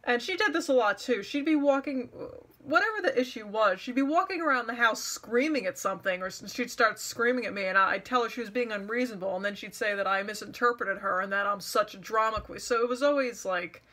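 A woman's voice: a little high, brisk, fairly bright tone. A young woman telling a personal story to camera in an exasperated, sarcastic rant. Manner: exasperated, sarcastic, mocks others' words. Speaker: vlogger.

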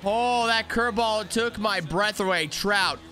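A young man giving excited live commentary while playing a baseball video game, talking to his players on screen. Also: high-pitched, measured pace, soft background music. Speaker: gaming YouTuber.

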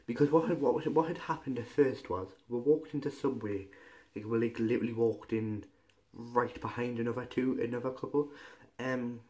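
A man's voice: medium pitch, moderate pace, mellow. A young man from Newcastle, telling a story in a casual vlog, chatty and gossipy, with some swearing. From Newcastle, England. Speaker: vlogger.

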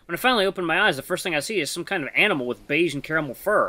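A game streamer reading the narration of a visual novel aloud in a lowered, steady voice. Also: racing, few pauses, no room sound.

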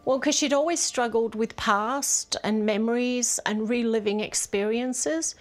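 Middle-aged mother, higher voice. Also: unhurried. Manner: candid, animated retelling. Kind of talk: casual interview.

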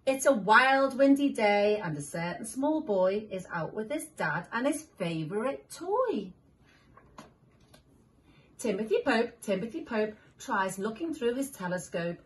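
A woman reading picture books aloud to young children, animated, making animal sounds and asking the listener questions. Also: mid-range voice, a little slow. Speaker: children's story reader.

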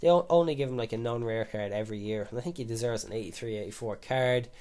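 A young man giving casual live commentary over a football video game, chatty and swearing constantly, with sudden loud excited shouts. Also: mid-range voice, fast talker. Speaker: gaming YouTuber.

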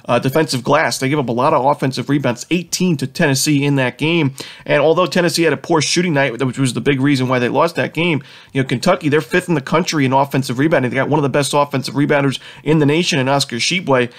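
A man with a cold and a nasal voice, hosting a quick sports betting picks rundown in a confident, stat-heavy way with many fillers. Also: mid-range voice. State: has a cold. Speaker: sports betting analyst host.

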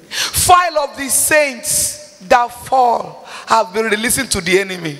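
A male preacher delivers a fervent sermon in a very high, bright voice. His pitch swings widely as he pleads, cries out and half-sings his prayers. The sound rings with long reverb, as in a large hall. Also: animated, measured pace, a little hiss or hum. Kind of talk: impassioned sermon with Bible reading.

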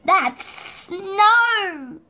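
A woman voicing an excitable, silly male storybook character who shrieks with excitement. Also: high-pitched, normal speed, full character voice. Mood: excited. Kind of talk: storybook reading.

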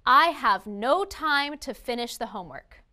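A woman reads a scripted grammar lesson slowly and deliberately, as if reading example sentences aloud. Her voice is high, bright and very crisp. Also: animated. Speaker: grammar teacher.

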